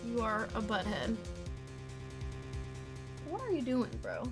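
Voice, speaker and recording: A woman's voice: a little high, wildly swooping pitch, takes it slowly, over music. A young woman streaming from home, chatting casually and teasing her cat in a playful way. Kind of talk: casual live-stream chat.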